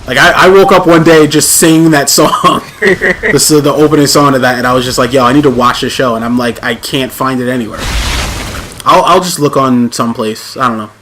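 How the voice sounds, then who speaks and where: A man's voice: medium pitch, fairly quick, fairly bright tone, slight background noise. A man hosting a let's play, chatting casually with plenty of fillers and restarts. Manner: rambling, full of fillers and restarts. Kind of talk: casual gaming chat.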